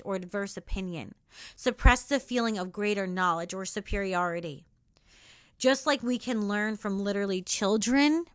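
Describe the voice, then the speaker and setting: A young woman hosting a spiritual self-help podcast, talking in an earnest, intimate way that moves between soft reflection and sassy encouragement. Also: mid-range voice, dry recording, clean studio sound. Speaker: podcast host.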